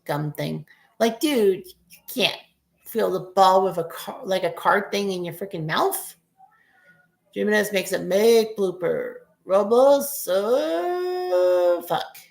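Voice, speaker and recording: A woman's voice: on the low side, gravelly, roomy sound. A woman in her forties giving casual, rambling play-by-play of a baseball game as a fan streamer, cursing at bad plays. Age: 40s.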